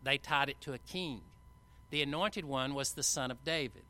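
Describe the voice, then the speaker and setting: A man preaching a sermon, retelling a Bible passage with animated, acted-out quotes and casual asides. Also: medium pitch, normal speed. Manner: animated Bible storytelling, acting out quoted lines; conversational asides with fillers.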